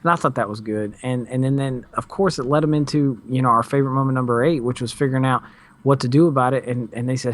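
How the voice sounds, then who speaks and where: A man's voice: medium pitch, steady tone, fast. A man co-hosting a casual recap chat, talking in a laid-back, rambling way with plenty of fillers. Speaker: podcast co-host.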